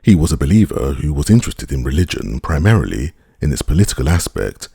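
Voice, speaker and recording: A man reading a classic novel aloud as an audiobook narrator, with measured, expressive delivery. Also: extremely low pitch, gravelly, husky, dry recording, clean studio sound. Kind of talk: scripted narration.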